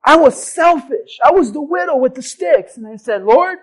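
Very high-voiced man preaching a sermon. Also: moderate pace, rough recording. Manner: animated, builds from soft storytelling to shouted exhortation. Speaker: pastor. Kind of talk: sermon with personal storytelling.

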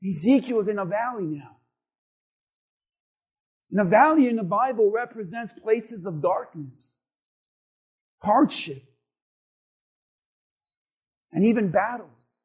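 High-voiced impassioned male preacher. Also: animated, slow, long pauses, breathy edge. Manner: impassioned, emphatic, swings between quiet and shouting, rhetorical questions. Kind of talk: sermon.

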